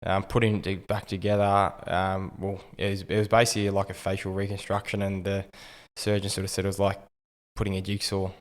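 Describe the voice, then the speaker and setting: Australian man in his 30s, low monotone, laid-back storyteller, reverberant hall sound. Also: a little fast, hardly any pauses. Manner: easygoing, understated, frequent ums and "like". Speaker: guest, retired rugby league player. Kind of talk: casual interview storytelling.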